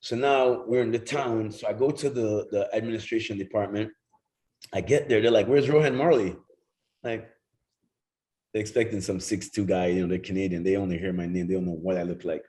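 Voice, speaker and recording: As a guest, a former football player from Jamaica, middle-aged, spins casual stories, voicing others' lines, cursing freely and laughing a lot. His fairly low voice is steady and warm, a little fast, captured on poor audio.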